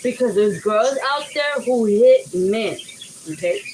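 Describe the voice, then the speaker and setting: Intense high-voiced woman rambling, noisy. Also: expressive, takes it slowly, a little mellow. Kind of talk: casual vlog monologue. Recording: noisy background with birds.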